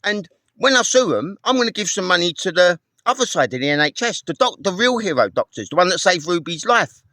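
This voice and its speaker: A man's voice: high-pitched, big pitch swings, a little fast, pushed and bright, no room sound. A man ranting angrily to camera, swearing often and repeating himself as he recounts phone calls. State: homeless. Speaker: vlogger. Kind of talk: angry personal rant to camera.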